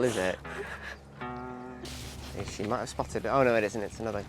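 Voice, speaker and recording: A man's voice: fairly low pitch, steady tone, moderate pace, soft background music. A man from England bantering drily on an outdoor countryside walk. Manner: jokey, dry banter. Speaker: travel vlogger. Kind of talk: casual chat on a walk.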